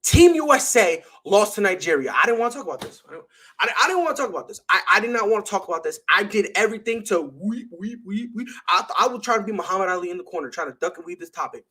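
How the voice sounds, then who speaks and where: A man's voice: high voice, animated, fast, bright, forceful tone, slightly rough. A young man hosting a sports talk show, delivering an emphatic, slangy opinion monologue full of rhetorical questions.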